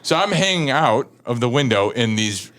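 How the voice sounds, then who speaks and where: Animated laughing firefighter telling a prank story. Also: male voice, mid-range voice, normal speed. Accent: Chicago-area American. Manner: animated, laughing, full of fillers and acted quotes. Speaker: firefighter guest. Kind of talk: casual storytelling on a podcast.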